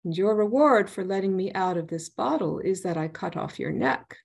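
A woman's voice: lowish voice, expressive, normal speed, vocal fry, breathy edge, heavily acted. A woman voicing a huge, boastful male spirit who threatens a young man, in a storytelling reading. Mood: threatening.

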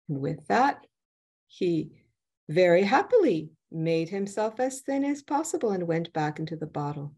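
A woman telling a folk tale aloud in an expressive storytelling manner. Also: on the low side, unhurried, slightly rough. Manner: expressive, lively delivery. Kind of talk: storytelling narration.

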